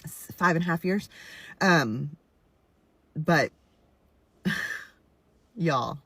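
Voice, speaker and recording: A woman's voice: sits low, animated, extremely slow, fairly bright tone, slightly rough, dry recording. A woman in her forties speaking candidly and emphatically about her own experience, often repeating herself for stress. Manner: earnest, repetitive, emphatic. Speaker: content creator stitching a video. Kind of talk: candid personal commentary.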